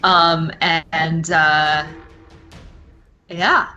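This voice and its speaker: A woman's voice: low voice, flat delivery, extremely slow, pushed and bright, muffled recording, soft background music. A woman narrating as game master of a tabletop role-playing game, hesitant and full of fillers. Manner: hesitant, many fillers, giggly.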